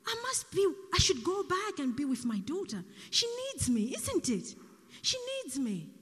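A woman voicing a grieving mother who pleads through tears in a high, breaking voice, heard in an echoey hall. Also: sing-song, a little slow. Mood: tearful, pleading. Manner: high, tearful, breaking into crying.

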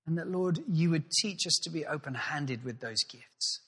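A male pastor giving a sermon, telling the story with lively acted-out voices. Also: on the high side, normal speed, breathy edge, long reverb tail. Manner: animated storytelling, acts out voices.

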